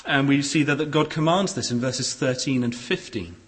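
A man preaching a sermon in a church hall, expressive, with shifting pace and loudness. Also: mid-range voice, normal speed. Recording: echoey hall.

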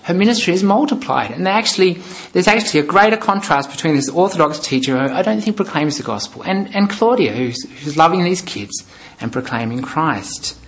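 A man preaching a sermon with earnest emphasis, then leading a soft, quiet prayer. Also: fairly high pitch, expressive, fairly quick, low-quality recording. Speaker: pastor.

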